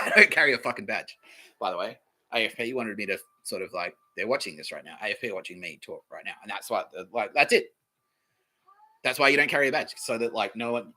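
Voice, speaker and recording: A man's voice: medium pitch, bright, forceful tone. A young Australian man hosting a podcast, rambling through a profane, sarcastic comedy monologue and often laughing at himself. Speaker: podcast host.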